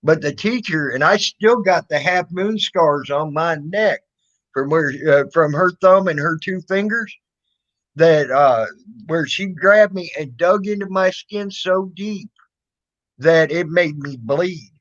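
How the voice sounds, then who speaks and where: A man's voice: a little high, takes it slowly, a bit bright. A man casually telling a childhood story, rambling and swearing, full of fillers and restarts. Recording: dull lo-fi recording.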